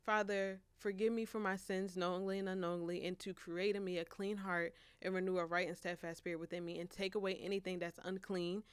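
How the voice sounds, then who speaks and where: In a casual interview about faith, this woman of twenty-one, a college senior who writes, speaks in an earnest, reflective way, restarting often and laughing frequently. Her pitch is fairly low and her delivery flat, a little fast with hardly any pauses, and her tone clear and resonant with no room sound.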